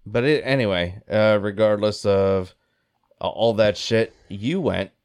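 A man's voice: lowish voice, unhurried, a little mellow, clear, resonant tone. A man in casual chat, blunt and swearing often.

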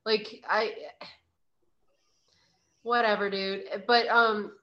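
A woman's voice: mid-range voice, steady tone, very slow, highs cut off. A young woman hosting a podcast, chatting casually, laughing often and swearing now and then. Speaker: podcast host. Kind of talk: casual chat.

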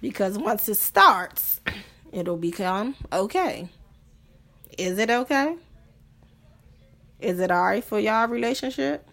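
Long pauses and vocal fry run through this woman's slow, animated delivery, her medium-pitched voice fairly bright. As a podcast host, she talks casually about relationships, bluntly and profanely, leaning on rhetorical questions.

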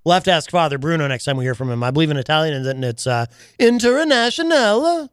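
A man's voice: mid-range voice, rapid-fire, a bit bright, smooth, no room sound, studio quality. A man hosting a radio show in casual chat, teasing his co-host in a playful, mock-dramatic way. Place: radio studio.

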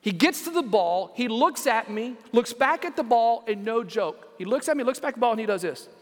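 A man pastor preaching a sermon, telling stories and acting out quotes with lively emphasis. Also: very high voice, brisk. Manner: animated storytelling with acted quotes. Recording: reverberant church hall.

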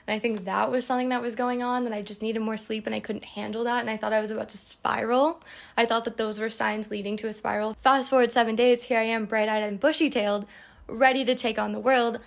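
A woman's voice: on the high side, gravelly. A young woman hosting a podcast, answering listener questions in a chatty, candid way with playful asides. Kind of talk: casual advice chat.

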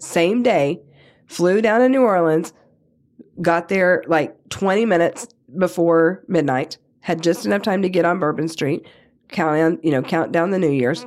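A middle-aged woman co-hosting a podcast, telling a story in a casual chat, swearing freely and acting out the quotes in a higher voice. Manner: animated storyteller, acts out quotes with a raised pitch, swears freely. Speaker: podcast co-host.

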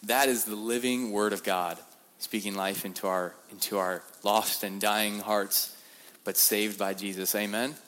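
A young man, a guest speaker, giving a sermon-style testimony in a church, telling his story in an animated way with many repeated words. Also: lowish voice, a little slow. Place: church sanctuary. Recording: reverberant church hall.

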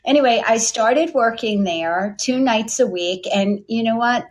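A middle-aged woman, a company founder, telling a long story from her past in a chatty, lively way, acting out the voices of people she quotes. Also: on the high side, measured pace. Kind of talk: storytelling interview answer.

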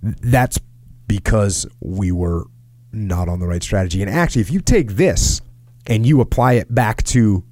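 Animated low-voiced man telling war stories. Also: moderate pace, no room sound. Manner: animated storyteller, acts out quotes in a raised pitch. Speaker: podcast host. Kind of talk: casual podcast commentary, reading an article aloud.

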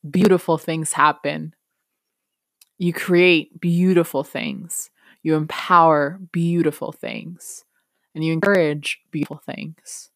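A woman's voice: low voice, no echo, clean studio sound. A woman hosting a podcast, telling a personal story in a candid, reflective, chatty way and turning it into motivational encouragement. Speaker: podcast host.

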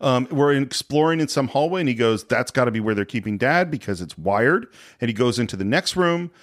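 A man's voice: mid-range voice, expressive, brisk. A man casually retelling a film scene by scene as a podcast host, laughing often. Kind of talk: casual movie recap chat.

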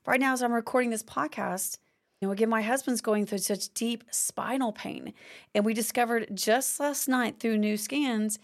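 A woman hosts a faith-based teaching podcast in a fairly high voice, speaking close to the mic. She talks expressively and slips into acted-out complaining prayers. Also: fairly even intonation, moderate pace. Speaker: podcast host.

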